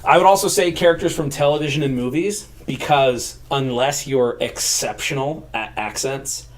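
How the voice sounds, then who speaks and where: Chatty guy cohosting a d&d stream, mid pitch, upbeat and loose. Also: moderate pace. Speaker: co-host of a tabletop game channel. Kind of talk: casual livestream chat.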